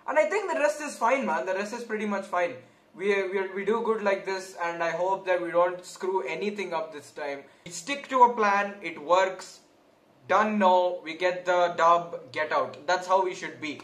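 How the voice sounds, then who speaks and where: Excitable high-voiced man commentating a game. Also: reverberant, rough recording. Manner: excitable, nervous, swings between muttering and shouting. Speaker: gaming YouTuber. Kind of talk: Let's Play commentary.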